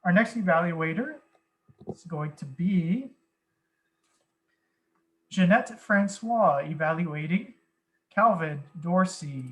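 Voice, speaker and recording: A man with a slightly raised pitch serves as toastmaster on a video call. He introduces each speaker in a brisk, procedural way. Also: expressive, fairly bright tone, poor audio. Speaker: meeting toastmaster. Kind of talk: running an online club meeting.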